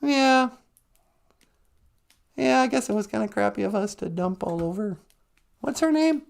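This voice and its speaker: A woman's voice: mid-range voice, expressive, unhurried, creaky. A woman hosting a comic live-stream chat, mock-earnest and sarcastic, saying solemn-sounding mock prayers. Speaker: host.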